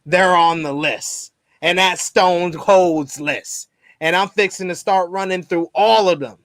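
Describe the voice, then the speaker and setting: A man doing a gruff Southern male wrestler who cuts a boastful, threatening promo in a put-on drawl. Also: high-pitched, fairly bright tone, no echo, studio quality. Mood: menacing. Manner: growling threats, drawn-out boasts.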